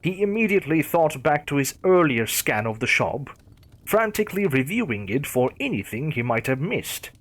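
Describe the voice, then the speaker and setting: Husky-voiced male horror narrator. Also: a little high, very animated, normal speed. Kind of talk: scripted horror story narration.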